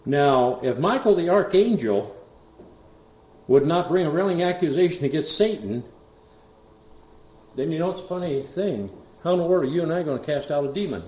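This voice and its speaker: A man preaching in a folksy, rambling way, full of fillers and asides, who rises to loud, emphatic bursts on scripture. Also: on the high side, animated, moderate pace, pauses often. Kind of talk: folksy sermon storytelling. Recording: roomy, dull lo-fi recording.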